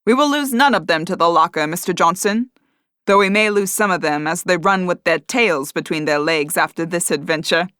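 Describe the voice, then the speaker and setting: A woman doing a deep, confident pirate captain. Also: moderate pace, a bit bright, clean tone, no room sound, studio quality, natural voice. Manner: assured, commanding.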